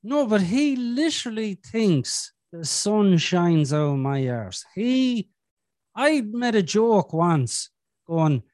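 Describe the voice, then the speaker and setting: A man's voice: sits high, very animated, slow, darkish tone, dry recording, studio quality. A man, telling stories about his kids in casual podcast chat, swearing freely and acting out quoted voices. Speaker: podcast guest, father. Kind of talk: casual conversational storytelling.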